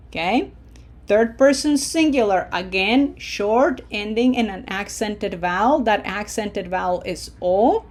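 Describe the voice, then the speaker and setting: A woman teaching Spanish verb endings, drilling each form slowly and encouraging her students. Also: mid-range voice, darkish tone. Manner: slow, deliberate drill pronunciation with encouraging asides. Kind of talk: language lesson.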